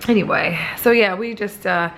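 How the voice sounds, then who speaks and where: A woman's voice: medium pitch, moderate pace, a bit bright, slight background noise. A young pregnant woman vlogging casually to camera, chatty and blunt, swearing freely and using lots of fillers. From American Midwest.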